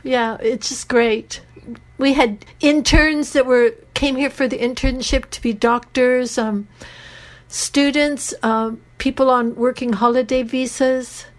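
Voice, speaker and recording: A woman's voice: sits high, fairly even intonation, slow pace, rough recording. A middle-aged woman, a radio show guest, telling heartfelt stories in an earnest, open way. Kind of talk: radio interview storytelling.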